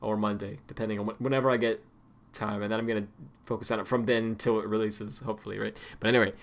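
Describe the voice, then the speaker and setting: A man's voice: lowish voice, level tone, quick pace. A man streaming, chatting casually and rambling with lots of fillers and restarts.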